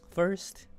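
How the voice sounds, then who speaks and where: A woman streaming a game, chatting excitedly while pulling for rewards, squealing and laughing at good results and muttering when they are bad. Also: on the low side. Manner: squealing bursts of excitement, then deflated mumbling. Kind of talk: excited gacha-pull stream chat.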